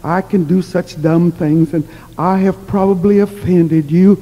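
A woman voicing a tearful, apologetic old grandmother who speaks gently and pleads in a story told from the pulpit. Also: on the low side, fairly even intonation, measured pace, muffled recording. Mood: pleading. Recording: long hall reverb.

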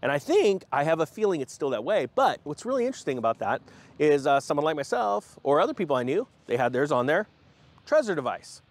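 Animated man hosting a crypto vlog. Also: a little high, fairly quick. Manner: animated and jokey, mocks companies in put-on voices. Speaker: host of a crypto finance channel. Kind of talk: casual vlog commentary.

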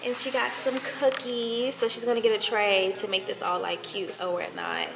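A woman's voice: on the high side, flat delivery, moderate pace, vocal fry. Chatty woman vlogging in an echoey lounge. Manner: chatty, gushing, laughs often. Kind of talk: casual vlog chat. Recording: echoey room with long reverb and music behind.

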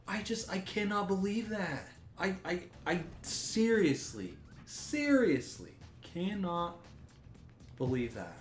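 A man's voice: high-pitched, sing-song, measured pace. Young guy cussing at a game, voice jumps all over, echoey room. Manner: exasperated ranting, swearing, frequent restarts. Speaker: gaming YouTuber. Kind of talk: gameplay commentary. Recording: roomy echo with faint music.

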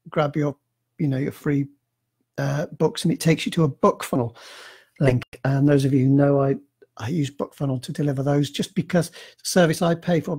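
Man, casual live-stream chat, gravelly, slightly husky, rambling and self-deprecating. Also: a little high, darkish tone. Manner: rambling, self-deprecating, many fillers and restarts. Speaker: author answering reader emails. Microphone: computer mic on a live stream.

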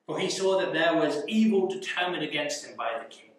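A young man leads a youth Bible study in a slightly high voice, firing off rhetorical questions with an easy chuckle. He is heard from well away from the mic. The room around him is very echoey. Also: brisk, far from the mic.

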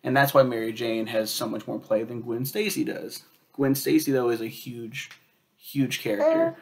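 A man reviewing a superhero film in a loose, rambling way, swearing often and filling pauses with um and like. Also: medium pitch, fairly even intonation, creaky. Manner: rambling, profane, lots of fillers and quoted asides.

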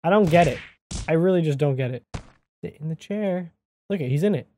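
A man hosting a gaming channel, giving excitable let's-play commentary into a desk microphone, yelping and shouting at surprises. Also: a little high, brisk, a little hiss or hum.

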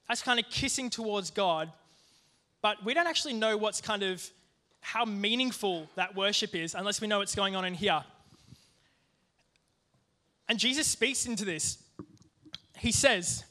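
A young man giving a youth sermon, telling a personal story in a lively, joking way with plenty of asides. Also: high voice, normal speed, pauses often. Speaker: youth group speaker.

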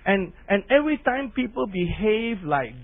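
A middle-aged male pastor preaching an animated sermon, now and then imitating barking dogs. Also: sits high, normal speed. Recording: tinny phone-like lo-fi sound.

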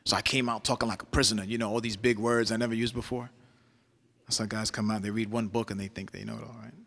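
A man's voice: fairly low pitch, flat delivery, quick pace, gravelly, a bit bright. A man giving a spoken-word performance as a poet, with a rhythmic, rhyming delivery. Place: lecture hall. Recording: long reverb of a lecture hall.

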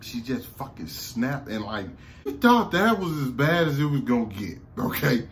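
A man with a Southern American accent recapping a TV episode in a casual, excited, profane way, laughing often, slumped low in a seat at home. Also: moderate pace, a little hiss or hum. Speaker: TV review vlogger.

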